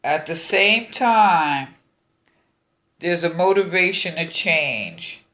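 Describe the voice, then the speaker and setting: A woman giving a casual astrology and tarot reading, speaking slowly and calmly with gentle, repeated advice. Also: lowish voice. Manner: slow, unhurried, repeats phrases, gentle advice.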